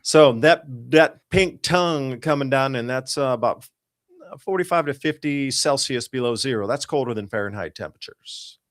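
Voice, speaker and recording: Man, host, excited, emphatic, rambling, mid pitch, dry sound. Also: moderate pace, dry recording. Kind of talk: casual talk-show commentary on weather charts.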